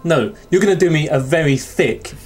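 A man's voice: a little high, normal speed, breathy edge. A young man co-hosting a casual, teasing chat. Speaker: co-host.

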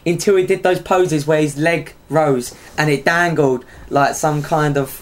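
Giggly podcast co-host. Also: male voice, a little high, steady tone, unhurried. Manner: giggly, rambling, swears freely. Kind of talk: casual chat.

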